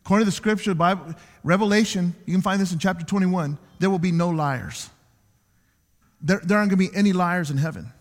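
Animated high-voiced preaching man. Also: quick pace. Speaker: pastor. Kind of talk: sermon. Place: church sanctuary. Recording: long church hall reverb.

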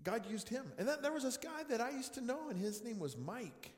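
A man preaching a storytelling sermon, acting out conversations and swinging between loud bursts and quiet asides. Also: extremely high pitch, a little fast. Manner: animated, acts out dialogue, swings loud and soft. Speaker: pastor. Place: church hall. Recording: echoey room with long reverb.

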